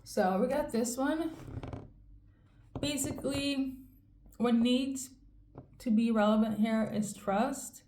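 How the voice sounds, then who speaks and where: A woman giving a casual tarot reading in a rambling, fairly monotone way, often checking in with "okay?". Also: on the high side, slow pace, long pauses, reverberant, background noise. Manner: monotone delivery. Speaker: tarot reader.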